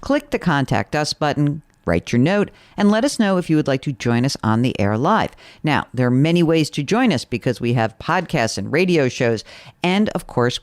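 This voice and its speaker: A woman's voice: extremely low pitch, a little mellow, no echo, clean studio sound. A woman hosting a money call-in radio show, chatty and teasing with callers. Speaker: host.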